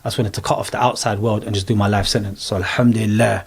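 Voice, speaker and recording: A man's voice: fairly low pitch, quick pace, creaky, slightly rough. A middle-aged man, animatedly telling his personal story as an interview guest in casual chat. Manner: animated storyteller, London slang.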